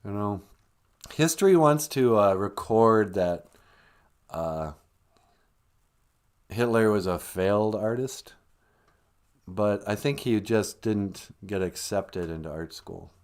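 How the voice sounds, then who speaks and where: A man hosting a comedic live stream, rambling with chuckles and deadpan asides. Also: on the low side, slow, pauses often. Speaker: host of a live stream show.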